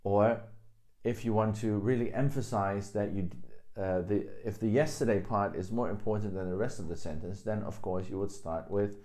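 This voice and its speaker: A man's voice: fairly low pitch, moderate pace, mellow. A young man teaching a spoken language lesson in a casual, patient way, carefully repeating words and their tones.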